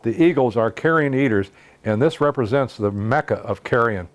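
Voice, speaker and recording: A man's voice: medium pitch, lively intonation. Plainspoken man narrating an outdoor show. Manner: measured, plainspoken storytelling. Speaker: host and narrator. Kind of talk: scripted voice-over narration.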